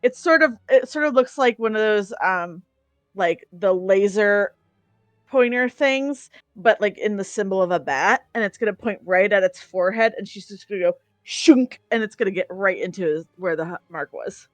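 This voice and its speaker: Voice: medium pitch, normal speed, a bit bright, dry recording, faint music behind. A player in a tabletop game, rambling and giggly while describing a move. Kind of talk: casual tabletop game chat.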